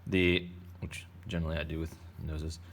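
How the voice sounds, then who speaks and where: A man's voice: rumbling low, little pitch movement, normal speed, slight background noise. A man casually teaching kids to draw, playful and chatty as he narrates each step. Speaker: art teacher. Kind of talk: casual drawing tutorial for kids.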